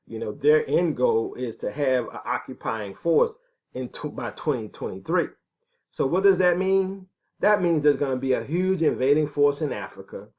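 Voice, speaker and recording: A man teaching as a ministry preacher, talking emphatically, asking rhetorical questions and checking in with "right?" and "okay". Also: medium pitch. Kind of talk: preaching commentary on prophecy.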